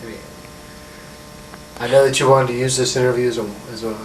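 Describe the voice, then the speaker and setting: A man's voice: medium pitch, little pitch movement, a little fast. A man asking brief questions as the interviewer. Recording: distant off-mic voice with loud noise.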